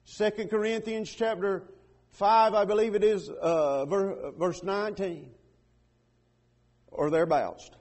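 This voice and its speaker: Male pastor, high voice, husky, impassioned sermon, surges loud then falls quiet. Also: steady tone, slow pace. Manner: impassioned, swells loud then drops to a hush.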